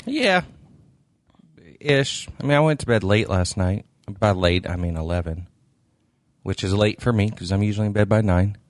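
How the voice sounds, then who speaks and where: A man's voice: fairly low pitch, expressive, normal speed, pauses often, no echo. A man co-hosting a podcast in casual chat, with a dry, teasing, matter-of-fact way of talking. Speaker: podcast co-host.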